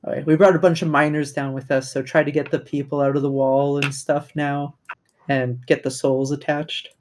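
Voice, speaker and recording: Rambling man player, slightly high voice. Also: flat delivery, moderate pace, darkish tone, slight background noise. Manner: rambling, thinking aloud. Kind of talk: casual tabletop game talk.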